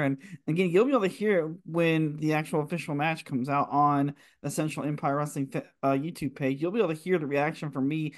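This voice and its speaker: A man hosting a wrestling talk show, chatting casually and correcting himself mid-sentence. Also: fairly high pitch. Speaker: show host.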